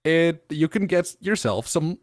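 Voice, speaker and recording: Slow, halting man in a dry studio. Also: on the high side, lively intonation, no echo. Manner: halting, many uh fillers. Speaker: podcast co-host. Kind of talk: casual tech chat. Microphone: studio mic.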